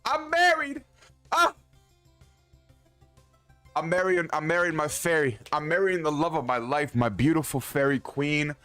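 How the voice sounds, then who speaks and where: A man streaming a game, with excitable, joking, profane casual commentary. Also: a little high, brisk, hardly any pauses, clean tone, soft background music.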